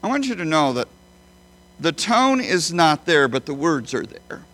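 A man preaching a sermon as a pastor, emphatic, swinging between loud high bursts and quiet low phrases. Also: very animated, a little slow. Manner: emphatic, with big swings in pitch and loudness.

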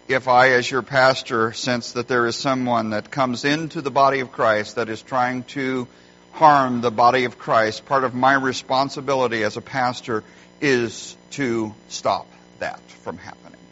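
A middle-aged man preaching a sermon as a pastor, emphatic and animated when telling stories. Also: mid-range voice, measured pace. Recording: dull lo-fi sound.

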